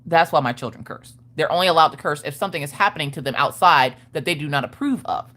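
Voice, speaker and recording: A woman hosting a live stream and chatting casually about parenting, frank and profane, with animated storytelling. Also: sits low, fast talker. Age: adult parent of school-age children.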